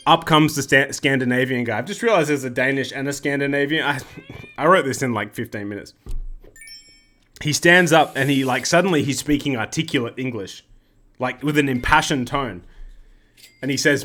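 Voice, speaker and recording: A man's voice: medium pitch, normal speed, bright, forceful tone. A man hosting casual game commentary, rambling and joking and often interrupting himself. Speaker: gaming video host.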